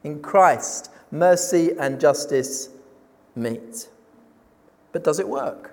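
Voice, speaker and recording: A man preaching a sermon, emphatic, posing rhetorical questions and slowing down on key words. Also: fairly high pitch, animated, vocal fry, a little mellow. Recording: long reverb of a large hall.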